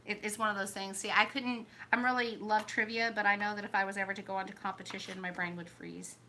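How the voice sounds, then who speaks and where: A woman's voice: medium pitch, little pitch movement, quick pace, bright, forceful tone. A woman hosting a casual home cooking vlog, chatting bubbly to her viewers as she cooks. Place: home kitchen. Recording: noisy kitchen with sizzling pan. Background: frying and sizzling food.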